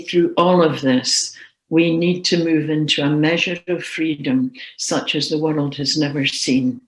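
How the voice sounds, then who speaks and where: Earnest woman preaching slow, bit emotional, roomy echo. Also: sits low. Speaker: Christian speaker. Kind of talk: personal testimony sermon.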